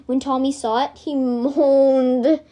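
A woman with a fairly high voice reads her homemade story aloud as its narrator. She rambles into little asides and keeps correcting herself as she goes. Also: level tone, slow, highs cut off.

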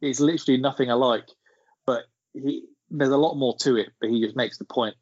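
A man's voice: mid-range voice, steady tone, fairly quick, a little mellow, breathy edge, no room sound. A man, rambling through an anecdote in casual podcast chat. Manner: rambling storyteller, laughing as he tells it. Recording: dull lo-fi sound.

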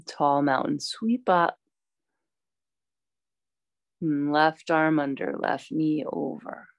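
A woman teaching a yoga class, calmly cueing poses and breaths with chatty asides. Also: deep voice, slow, no echo, muffled recording. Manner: calm, instructive, chatty asides.

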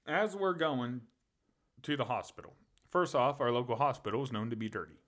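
Animated, profane male storyteller. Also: medium pitch, moderate pace. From Pennsylvania. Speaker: podcast co-host. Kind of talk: casual storytelling.

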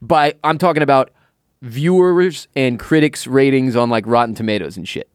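Dude cohosting a podcast, jokey, swears a lot, dry studio sound. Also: male voice, medium pitch, normal speed, clean tone, no echo. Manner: loose and joking, swears casually. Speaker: podcast co-host. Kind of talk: casual chat. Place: recording studio.

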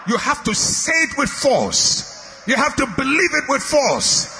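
A male preacher with a high, bright voice that swings widely as he leads call-and-response. He drives his points home with repeated, forceful declarations that rise to shouts, and his voice rings through a reverberant hall. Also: wildly swooping pitch, normal speed, a little hiss or hum. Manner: emphatic, call-and-response with congregation; repetitive declarations building to shouts. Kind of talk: sermon.

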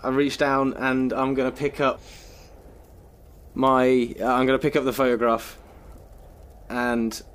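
A man's voice: medium pitch, level tone, measured pace, pauses often, fairly bright tone, smooth, rough recording. A man playing a tabletop role-playing game, speaking as his character in the first person with hesitant fillers. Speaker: player.

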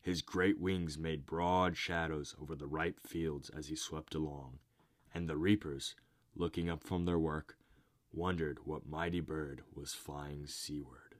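A man narrating a myth in a measured, deliberate storybook reading. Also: rumbling low, fairly even intonation.

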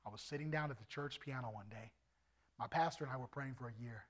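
A middle-aged man preaching his testimony as an evangelist, animated and swinging from loud to hushed. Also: medium pitch, fast. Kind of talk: testimony sermon.

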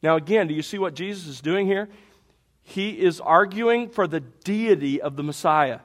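A pastor with a fairly high voice delivers a sermon at a normal speed. He works energetically through a Bible passage, using emphatic rhetorical questions to drive home each point.

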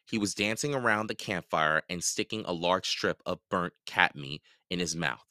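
A man hosting a podcast, reading a children's novel aloud in a lively, expressive way. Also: sits low, moderate pace, no room sound, clean studio sound. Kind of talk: storybook read-aloud narration.

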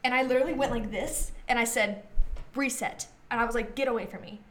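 A woman's voice: a little high, fairly even intonation, quick pace, fairly bright tone. Chatty young woman telling stories. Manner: chatty storytelling with many fillers. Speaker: podcast co-host. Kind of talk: casual chat.

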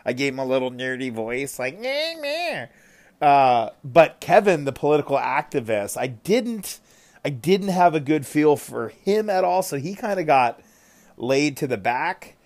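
Animated man chatting on a podcast. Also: medium pitch, normal speed. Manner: animated, with frequent fillers and exclamations. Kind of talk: casual chat.

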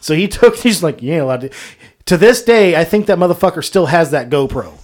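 A man's voice: on the high side, animated, fairly quick. A man co-hosting a casual podcast, telling profane stories and laughing often. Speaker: podcast co-host. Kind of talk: casual storytelling chat.

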